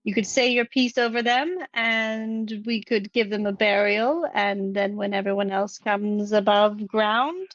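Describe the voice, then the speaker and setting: A woman voicing a calm adventurer in a tabletop role-play, thoughtful and measured, pausing to weigh her words. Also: medium pitch, no room sound, dull audio, lightly acted. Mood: earnest. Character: calm, reasoning adventurer offering counsel.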